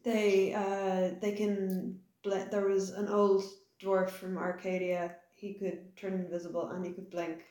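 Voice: mid-range voice, flat delivery, measured pace, hardly any pauses, a little mellow, reverberant, rough recording. A tabletop game player speaking earnestly and apologetically. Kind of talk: tabletop role-play.

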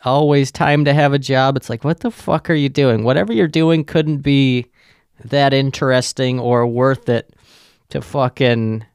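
A man's voice: medium pitch, steady tone, measured pace, darkish tone, clear, resonant tone, no room sound, clean studio sound. A man with a profane, sarcastic manner, rambling through a casual solo rant as a podcast host.

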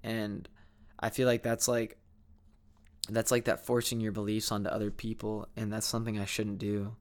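A man's voice: lowish voice, flat delivery, moderate pace. A young man talking candidly to camera in a rambling, reflective vlog monologue, full of fillers and restarts. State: sleepy, yawning. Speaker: vlogger.

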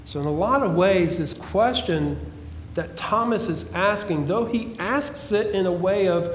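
A male pastor preaching a sermon, emphatic and repetitive, dropping at times to a hushed, pleading tone. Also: high voice, measured pace, slight background noise. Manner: emphatic preaching with repeated phrases and swings from loud to hushed. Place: church sanctuary. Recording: echoey church hall.

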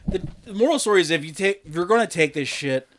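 A man's voice: high voice, animated, fast, a crowd in the background. A man on a podcast with friends, joking crudely, rambling and laughing often. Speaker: podcast co-host. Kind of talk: crude casual banter.

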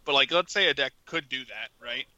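A man's voice: mid-range voice, expressive, fairly quick, bright, forceful tone, no room sound, lo-fi sound. A man co-hosting a casual podcast, talking in a rambling way full of filler words. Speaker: podcast co-host.

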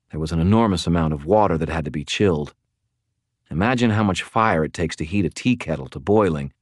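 Deep-voiced man narrating an audiobook. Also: no room sound, studio quality. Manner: dramatic, wry storytelling. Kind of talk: first-person audiobook narration.

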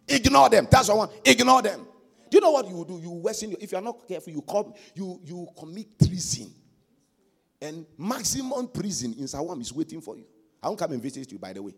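A man preaching a sermon as pastor, swinging from quiet asides to loud shouted exhortation. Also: high voice, big pitch swings, quick pace, slightly rough, faint music behind.

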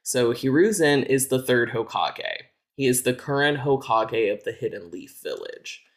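A man's voice: mid-range voice, expressive, measured pace. A man co-hosting a podcast, chatting casually and explaining things at length, with lots of "like" fillers. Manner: explanatory, filler-heavy with frequent "like". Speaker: podcast co-host. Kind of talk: casual chat.

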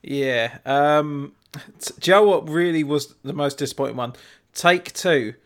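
Wry man, slightly higher voice. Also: normal speed, a bit bright. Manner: rambling, wry, quotes others sarcastically. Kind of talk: casual chat.

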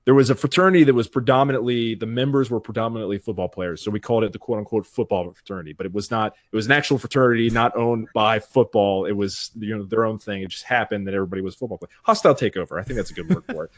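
A man's voice: on the low side, racing, no echo, studio quality. A young man, a streamer and podcast guest, telling a rambling, self-deprecating story in casual chat. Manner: rambling, self-deprecating, acts out quoted voices.

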